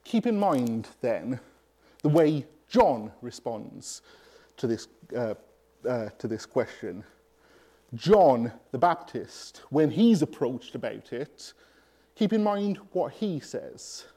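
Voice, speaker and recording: A man preaching a sermon, emphatic and pausing deliberately between phrases. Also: mid-range voice, sing-song, dark tone.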